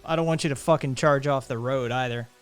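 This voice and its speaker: A man's voice: mid-range voice, a little fast, smooth, soft background music. A man hosting a live stream, chatting casually, reading viewer comments aloud, blunt and profane with sarcastic laughs.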